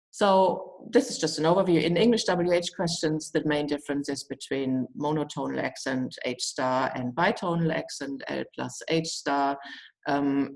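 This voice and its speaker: Low, gravelly woman giving a lecture. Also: poor audio. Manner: explanatory, many fillers and restarts. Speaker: guest lecturer. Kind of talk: academic lecture.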